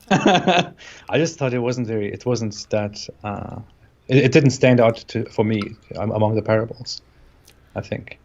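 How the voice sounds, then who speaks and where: A man co-hosting a live stream who talks in a halting way, often repeating words as he looks for them. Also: mid-range voice, darkish tone, muffled recording. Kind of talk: casual live-stream chat.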